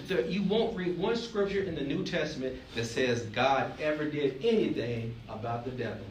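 A man's voice: a little high, expressive, normal speed, a bit bright, a little hiss or hum. Man preaching in an echoing sanctuary. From Alabama. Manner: preachy, emphatic, joking asides, call-and-response questions. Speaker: pastor. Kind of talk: sermon. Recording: roomy, distant mic, faint ambience.

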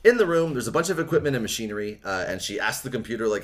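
A man's voice: medium pitch, sing-song, racing. A man hosting a podcast, recapping a book casually with many fillers and sometimes reading passages aloud. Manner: casual, rambling recap full of filler words.

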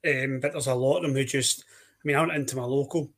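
Flat-voiced Scottish man telling a story. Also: mid-range voice, fast. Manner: dry, even-toned storytelling with throat clearing. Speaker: podcast co-host. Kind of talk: casual football podcast chat.

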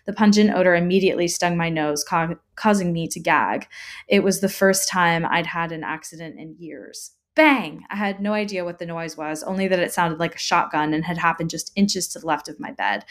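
A woman narrating a first-person horror story in a tense, dramatic reading. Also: on the low side.

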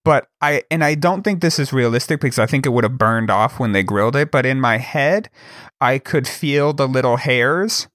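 A man's voice: mid-range voice, normal speed, fairly bright tone, no room sound. Rambling young man, dry close sound. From Wyoming. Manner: rambling storyteller, many fillers and restarts. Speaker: podcast co-host. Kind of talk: casual chat.

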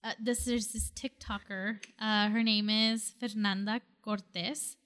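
A woman's voice: medium pitch, flat delivery, a little slow, fairly bright tone. A woman co-hosting a casual podcast chat, talking loosely with lots of fillers and easily spooked. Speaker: podcast co-host.

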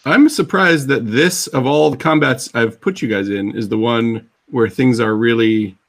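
Gravelly wry male game master. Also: medium pitch, moderate pace. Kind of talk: narrating a tabletop game.

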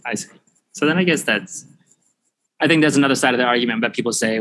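A podcast host chats casually and thinks out loud, full of ums and restarts, in an easygoing manner. His voice is medium in pitch and fairly bright; he talks fast but leaves long pauses. It's a low-quality recording made on headphones and a podcast mic.

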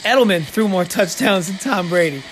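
A man hosting a podcast, giving sports betting picks in a casual, sarcastic way with quick joking asides. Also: high voice, fairly bright tone, faint music behind.

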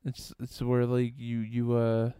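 A young man co-hosting a podcast, speaking haltingly as he searches for words. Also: medium pitch, completely flat delivery, mellow, smooth. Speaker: podcast co-host. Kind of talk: casual group chat reacting to a video.

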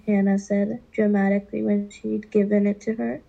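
A woman with a gravelly, husky, mellow voice reads a children's novel aloud. She takes it slowly and deliberately and stumbles now and then. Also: medium pitch, flat delivery, lo-fi sound. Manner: slow, deliberate reading with occasional stumbles. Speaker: reader.

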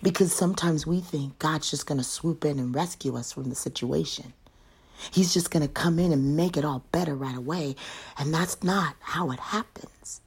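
A woman giving a Bible devotional, often dropping into a soft half-whisper and rising with emphasis on key lines. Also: sits low, moderate pace, slightly rough. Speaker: devotional speaker.

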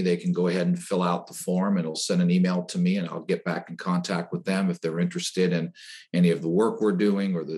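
A man's voice: sits low, darkish tone. A middle-aged man, a coach and podcast guest, giving an earnest motivational talk with repeated phrases. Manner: earnest, preaching, repetitive phrasing.

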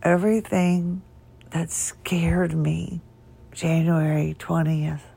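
Woman, podcast host, worn and strained voice, gravelly, rambling and chuckling, talking from bed. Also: sits low, flat delivery, takes it slowly, warm tone. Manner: wandering, tangent-prone, chuckling. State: voice weak and strained, struggling to speak. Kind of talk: rambling solo podcast talk. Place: in bed at home.

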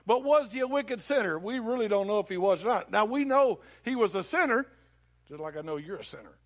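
A man's voice: high-pitched, expressive, a little fast. A man preaching a sermon in a church, telling folksy stories and joking with the congregation. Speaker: pastor.

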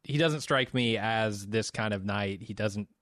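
A man's voice: on the low side, unhurried, a bit bright, dry recording, studio quality. A man co-hosting a podcast, giving blunt, opinionated movie takes in casual chat and laughing often. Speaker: podcast co-host.

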